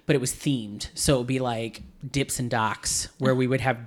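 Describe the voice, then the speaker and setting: A man's voice: medium pitch, steady tone, normal speed. A man in his forties hosting a podcast, chatting casually, swearing freely and laughing often as he rambles through stories. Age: 40s. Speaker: podcast host. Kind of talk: casual chat.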